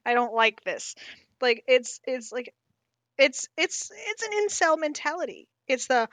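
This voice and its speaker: A woman co-hosting a casual podcast, animated and emphatic, talking with strong conviction. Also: high voice, a little slow, dry recording. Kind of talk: casual discussion.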